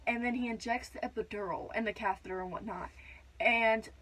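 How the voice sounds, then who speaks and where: A woman's voice: fairly high pitch, fairly even intonation, a little fast, fairly bright tone, a little hiss or hum, rough recording. A young woman casually telling her birth story in a vlog, rambling with lots of fillers. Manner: rambling, many "like" and "whatnot" fillers.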